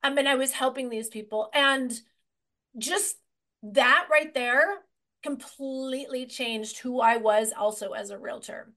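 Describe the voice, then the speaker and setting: Energetic rambling woman realtor. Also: high-pitched, measured pace. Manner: energetic and rambling, many restarts. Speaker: real estate agent, guest. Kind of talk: conversational storytelling interview.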